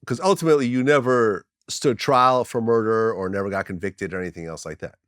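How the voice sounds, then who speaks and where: A man's voice: fairly low pitch, a little fast, a bit bright, clean tone, dry recording, clean studio sound. A man interviewing a guest, asking leading questions and answering with short affirmations.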